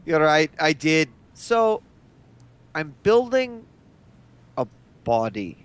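An earnest, courteous male space traveler, played by a man in a tabletop game. He speaks very slowly and deliberately, with a smooth, clear voice. His pitch sits a little above the usual man's. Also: sing-song. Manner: measured, polite, slow. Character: adult male space traveler building a robot body, polite and earnest. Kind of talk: tabletop role-play in character.

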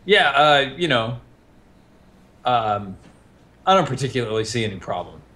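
A man's voice: mid-range voice, sing-song, unhurried, bright, forceful tone. A man playing a tabletop game who speaks hesitantly and often restarts his sentences. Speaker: player.

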